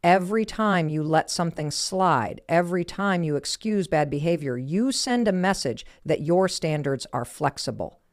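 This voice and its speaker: A woman's voice: fairly low pitch, lively intonation, normal speed, few pauses, no echo, studio quality. A woman delivering a motivational speech in emphatic, punchy short declarations. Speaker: motivational speaker.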